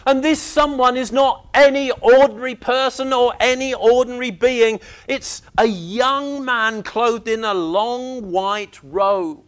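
A man with a very high-pitched voice delivers a sermon with animated storytelling. He drops low for quiet moments and acts out characters' reactions. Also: unhurried, hardly any pauses, smooth. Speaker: preacher.

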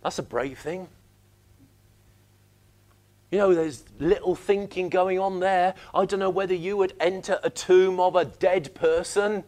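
Speaking a little slowly in a very high-pitched voice, a preacher animates his sermon with storytelling. He acts out the characters' reactions and lowers his voice for the quiet parts.

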